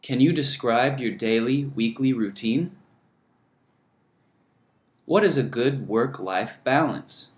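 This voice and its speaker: A man teaching an English lesson, speaking slowly and deliberately and modelling phrases for learners to repeat. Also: mid-range voice, echoey room. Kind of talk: scripted lesson narration.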